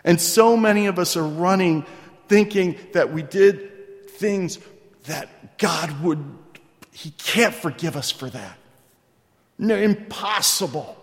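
A man preaching a sermon as pastor, moving between hushed asides and loud, stretched-out emphasis. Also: high voice, slow pace. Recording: long reverb in a large hall.

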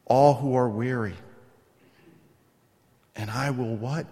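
A man preaching a sermon as pastor, moving between hushed asides and loud, stretched-out emphasis. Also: medium pitch, takes it slowly, pauses often. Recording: long reverb in a large hall.

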